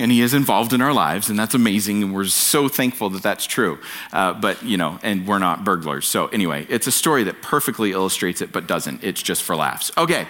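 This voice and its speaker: Lively, bright-voiced male pastor preaching. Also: fairly low pitch. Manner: earnest, emphatic, repeats key phrases. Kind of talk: sermon. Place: church service.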